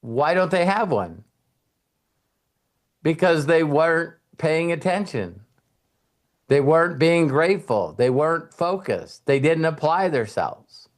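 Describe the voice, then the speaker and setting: A man's voice: on the high side, very animated, takes it slowly. A middle-aged man hosting a motivational talk, telling stories and acting out quoted voices with some casual swearing. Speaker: host and mentor.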